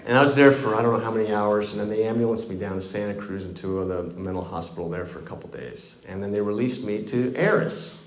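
A man's voice: lowish voice, fast talker, few pauses, echoey room. A middle-aged man telling a candid, self-mocking story of his own recovery, with wry humor. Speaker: recovery speaker.

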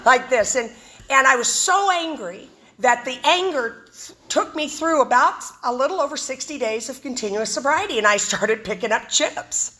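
A woman's voice: high-pitched, animated, moderate pace, sharp tone. A woman speaking at a recovery meeting, telling her personal story with humor and animation. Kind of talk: personal testimony talk.

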